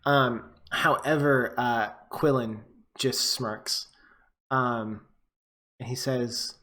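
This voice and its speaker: A man runs a tabletop game, narrating the scene in a relaxed, meandering way. He fills his description with ums and likes and keeps his voice at a middle pitch. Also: drawn-out words. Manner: relaxed, filler-heavy narration. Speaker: game master.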